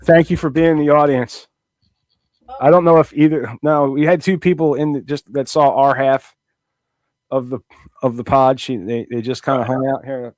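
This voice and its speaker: A man's voice: medium pitch, fairly even intonation, moderate pace, a little mellow, no room sound. Male co-host, joking offhand delivery with casual swearing, dry room. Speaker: podcast co-host. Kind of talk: casual chat.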